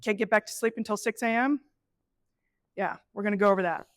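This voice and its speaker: A middle-aged woman presenting a live workshop, animated and conversational, acting out inner voices as she teaches. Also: medium pitch, a little fast, no echo. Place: event space with an audience.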